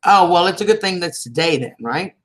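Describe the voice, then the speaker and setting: A woman with a drawl hosts a relaxed livestream, greeting her viewers one by one. Her voice sits a little low for a woman, and she stays chatty and affectionate, calling people sweetheart and hon. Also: brisk. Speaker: livestream host. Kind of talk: casual livestream chat with viewers.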